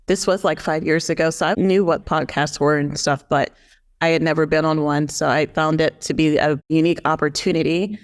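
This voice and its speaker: A woman nurse co-hosting a podcast, chatting in a relaxed way and laughing easily. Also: deep voice, a little fast. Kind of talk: casual podcast chat.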